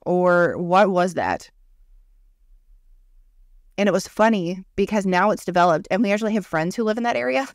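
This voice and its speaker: Gravelly woman telling a creepy story. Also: mid-range voice, fast talker, hardly any pauses, no echo, clean studio sound. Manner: animated storytelling, swears freely, acts out quotes. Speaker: podcast co-host.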